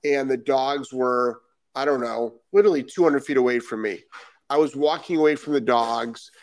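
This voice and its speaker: A man from Rhode Island hosting a live stream about dog training, answering viewer comments as they come in. He talks emphatically, repeats his key points and leans on rhetorical questions. His voice sits at an ordinary pitch for a man, and the sound is dry and close. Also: moderate pace, dry recording.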